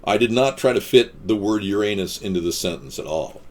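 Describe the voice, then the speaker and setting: A man hosting a casual live stream, answering viewer comments in a rambling, deadpan-joking way with quips and rants. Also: lowish voice, a little fast. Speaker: livestream host.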